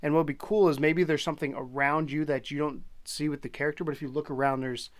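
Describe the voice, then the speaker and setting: A man's voice: a little high, fairly even intonation, dry recording. A man co-hosting a gaming podcast, talking casually, tripping over his words and swearing now and then. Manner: quick, stumbling, swears casually. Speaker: podcast co-host.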